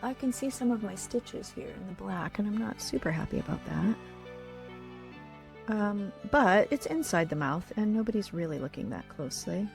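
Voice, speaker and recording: A woman's voice: mid-range voice, lively intonation, normal speed, vocal fry, faint music behind. A woman hosting a livestream in which she builds a puppet. She talks casually and thinks aloud, and her sentences often trail off into murmurs. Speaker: puppet builder and show host. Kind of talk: craft livestream demonstration.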